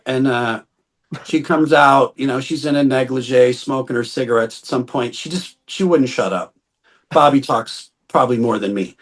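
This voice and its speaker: A middle-aged man telling a long anecdote in a casual interview, animated, acting out the quoted voices and laughing often. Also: mid-range voice, normal speed. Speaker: interview guest.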